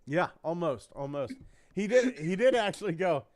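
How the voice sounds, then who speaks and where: A middle-aged man chats on a live podcast with a somewhat high voice. He tells stories in a loose, joking way and laughs often. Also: sing-song, moderate pace, darkish tone. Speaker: podcast co-host. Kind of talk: casual live-stream chat.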